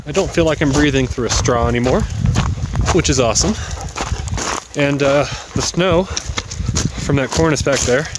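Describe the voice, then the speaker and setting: A man's voice: medium pitch, background noise. A man filming himself while hiking on a mountain, talking casually, thinking aloud and swearing now and then, at times out of breath. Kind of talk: casual vlog narration. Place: outdoors on a high mountain.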